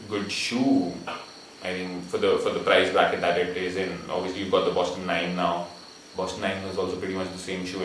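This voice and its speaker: A man's voice: deep voice, a bit bright, very echoey, recorded from a distance, a little hiss or hum, poor audio. A man vlogging casually about his running, rambling with many restarts and fillers, recorded outdoors. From India. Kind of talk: casual vlog talk.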